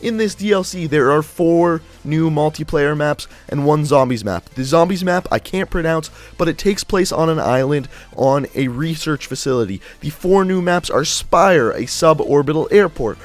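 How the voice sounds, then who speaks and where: Upbeat young man with a slightly high voice. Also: animated, normal speed, few pauses, faint music behind. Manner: chatty, upbeat, rambling explanations. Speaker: gaming channel host. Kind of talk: casual gaming news commentary.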